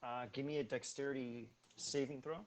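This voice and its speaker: A man narrating a tabletop role-playing game as game master, explaining rolls quickly between relaxed fillers. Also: mid-range voice.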